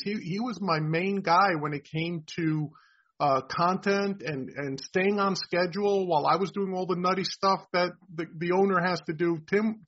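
A man with a New York accent hosting a casual sports podcast, effusive and rambling, with many halting restarts. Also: high-pitched, fairly bright tone, husky. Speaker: podcast host, site founder. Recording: dull lo-fi sound.

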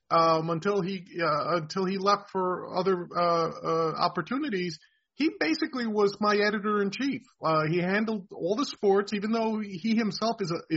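High-voiced New York host, effusive. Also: male voice, sharp tone, breathy edge. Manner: rambling, effusive, halting restarts. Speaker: podcast host, site founder. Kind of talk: casual sports chat. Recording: dull lo-fi sound.

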